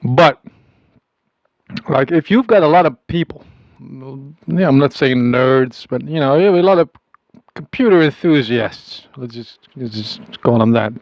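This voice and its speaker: A man delivering a rambling, halting comic audio message in a put-on accent, with a conspiratorial, self-amused manner. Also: mid-range voice, animated, no echo, poor audio. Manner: putting on an unplaced accent. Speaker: comic monologuist.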